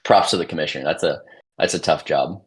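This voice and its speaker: Man, 30s, podcast guest, extremely low voice, breathy husky tone, subdued near-monotone chat. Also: quick pace. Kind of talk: casual chat.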